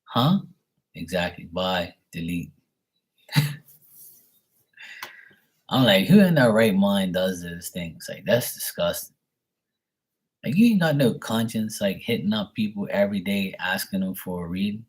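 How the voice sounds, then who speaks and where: A man's voice: low-pitched, expressive, normal speed, slightly rough. A man ranting casually and bluntly as a tarot reader from Bermuda, swearing freely and mocking scammers in their own voices.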